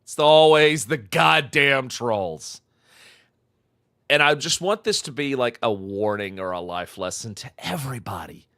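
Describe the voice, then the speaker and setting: A man's voice: medium pitch, animated, measured pace, sharp tone, no room sound. A man streaming a live reaction, mocking a clip with profane, repetitive commentary. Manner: mocking, profane, repeats phrases for emphasis.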